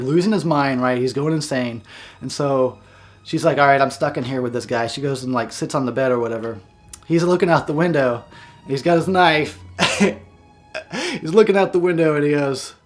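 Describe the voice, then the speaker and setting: Giggly, profane male movie reviewer. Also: medium pitch. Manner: giggly, profane, breaks into laughter. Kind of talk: casual film review.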